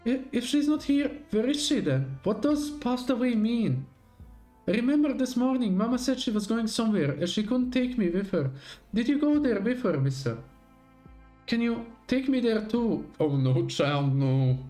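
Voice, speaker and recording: A man's voice: extremely high pitch, very animated, moderate pace, mellow, faint music behind, pitched above the performer's own voice. A man doing a small pleading girl. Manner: pleading, childlike questions. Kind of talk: reading game dialogue aloud on stream.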